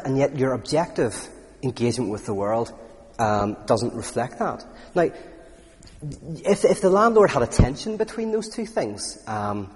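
A man's voice: mid-range voice, darkish tone. Man giving a talk in an echoing hall. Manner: conversational, anecdotal, frequent fillers and restarts. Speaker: speaker. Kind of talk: public talk on philosophy and faith. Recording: reverberant hall.

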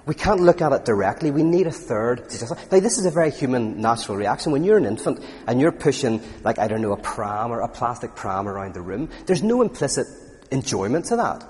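A man's voice: medium pitch, fairly quick. A man giving an informal lecture to an audience, telling stories with lots of restarts. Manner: animated storytelling, frequent restarts. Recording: long reverb in a hall.

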